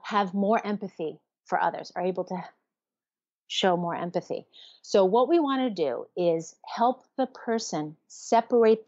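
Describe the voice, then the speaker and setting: A woman's voice: mid-range voice, a little mellow. Woman therapist talking it through, earnest and teachy, muffled lo-fi audio with no room echo. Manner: earnest, teaching, acts out self-talk in quotes. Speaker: therapist and interview guest. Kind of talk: explanatory interview talk. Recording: dull, lo-fi, dry sound.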